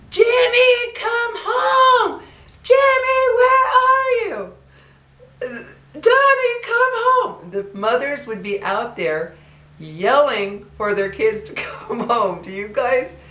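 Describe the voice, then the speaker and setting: A woman's voice: mid-range voice, a bit bright, echoey room. An older woman and grandmother chatting casually to her viewers, reminiscing and acting out the voices she quotes. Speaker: vlogger.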